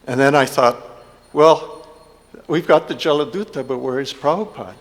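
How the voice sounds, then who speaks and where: A man giving a heartfelt personal speech to a congregation, halting, with many fillers and restarts. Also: medium pitch. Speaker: devotee giving a festival offering. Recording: long hall reverb.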